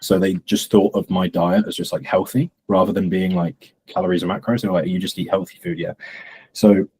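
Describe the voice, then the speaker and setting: Low, husky-voiced man. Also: fairly quick, rough recording. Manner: relaxed storytelling, acts out quoted clients. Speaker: fitness coach, podcast co-host. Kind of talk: casual podcast chat.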